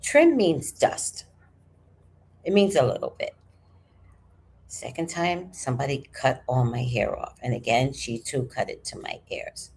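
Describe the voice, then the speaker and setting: Low voiced woman, 40s, chatty livestream host, swings from hushed to loud, super expressive. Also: unhurried, vocal fry, a little hiss or hum. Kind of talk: casual storytelling to a live chat.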